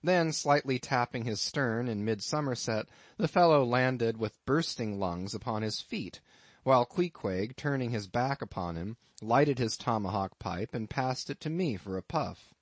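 A man reading an unabridged novel aloud as an audiobook narrator, in a measured, deliberate literary reading. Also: medium pitch, lively intonation, no room sound. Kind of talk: scripted narration of a classic novel.

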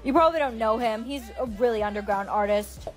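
A woman voicing an awkward teenage schoolboy with blunt, quick comebacks in a comedy skit. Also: a little high, faint music behind, natural voice. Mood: moody.

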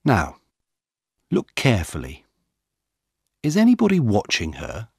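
A stern male police officer from a learner's storybook, read by a man in nearly his own voice. Low and husky, he gives orders slowly and plainly. The recording is dry and close. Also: huge pitch swings, a little mellow, no room sound, exaggerated voice.

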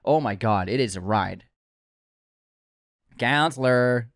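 A man's voice: mid-range voice, expressive, normal speed, no echo, studio quality. A man co-hosting a podcast in casual chat, talking with enthusiasm and teasing his partner. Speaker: podcast co-host.

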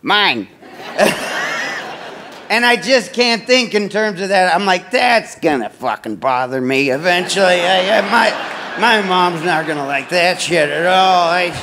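Male stand-up comic, slightly high voice, rambling self-deprecating delivery, live club recording with faint noise. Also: slow, long pauses. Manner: rambling, self-deprecating, lots of fillers and restarts. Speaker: stand-up comedian. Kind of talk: stand-up comedy set. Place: comedy club stage.

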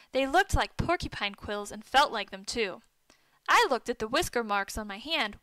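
Bright, high-voiced woman reading a story. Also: no room sound, low-quality recording. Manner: reads dialogue with lively lifts for the boys' shouts. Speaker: narrator.

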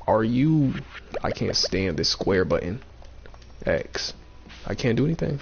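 A man's voice: on the low side, very animated, a little slow, long pauses. A man giving casual, playful let's-play commentary, thinking aloud and repeating himself, with a dull lo-fi mic and faint game music. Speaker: gaming streamer.

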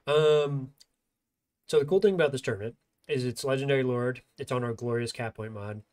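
A man's voice: medium pitch, a little fast, darkish tone. Nasal congested man casting a game. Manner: rambling, filler-heavy, self-deprecating. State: congested sinuses. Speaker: tournament caster and streamer. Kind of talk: casual live-stream game commentary.

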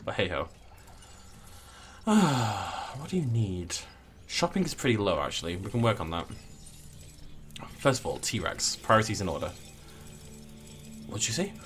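Male let's player, casual, jokey, theatrical swings in pitch. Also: very animated, unhurried, pauses often, music in the background. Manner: playful, jokey, mock-dramatic. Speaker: gameplay commentator. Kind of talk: casual let's play commentary.

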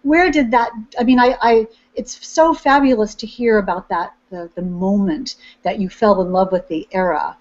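A woman's voice: mid-range voice, normal speed, few pauses, lo-fi sound. Effusive woman interviewer on a webcast. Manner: warm, chummy and effusive. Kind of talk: casual live interview. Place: remote webcast from Boston.

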